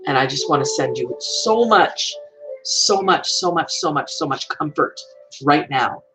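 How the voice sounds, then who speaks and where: A woman hosting a live stream, speaking in a gentle, soothing and repetitive way while emotional. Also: deep voice, lively intonation, unhurried, music in the background, poor audio. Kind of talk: heartfelt live-stream message.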